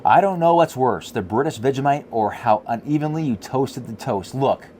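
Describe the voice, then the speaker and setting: A man co-hosting a podcast, chatting casually, reading viewer comments and telling animated stories with frequent laughter. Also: mid-range voice, normal speed, slight background noise. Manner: animated storytelling, laughs often. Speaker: podcast co-host.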